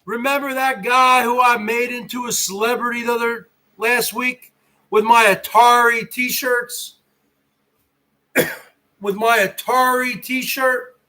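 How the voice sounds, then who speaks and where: A man's voice: extremely high pitch, fairly even intonation, slow, sharp tone, rough recording. A man hosting a livestream, ranting and taunting his viewers and rivals with profanity in casual talk. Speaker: livestream host. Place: home garage.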